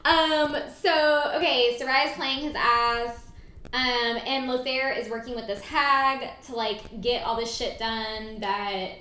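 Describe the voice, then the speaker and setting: A woman's voice: on the high side, fairly even intonation, slow pace, sharp tone. A woman co-hosting a podcast, chatting bluntly about a book, swearing freely and giggling often. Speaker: podcast co-host. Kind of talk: casual book-club chat. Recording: echoey room, faint ambience.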